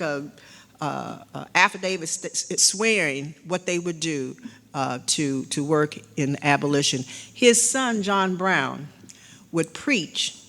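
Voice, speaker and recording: A woman's voice: on the low side, a bit bright. Older female lecturer, casual slide talk with fillers, long hall reverb. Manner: conversational, with frequent fillers and restarts, cueing slides with "next". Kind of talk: slide-show history lecture.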